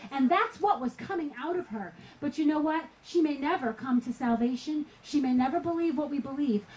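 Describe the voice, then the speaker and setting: A woman's voice: sits high, a little hiss or hum, low-quality recording. A woman preaching at a gospel tent meeting, telling a personal story earnestly, sometimes laughing.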